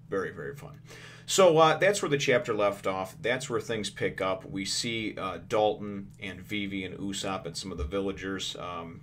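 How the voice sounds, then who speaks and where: Low-voiced man, rambling casual host. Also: sharp tone, slight background noise. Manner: rambling, many fillers and restarts, laughs often. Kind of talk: casual comic review.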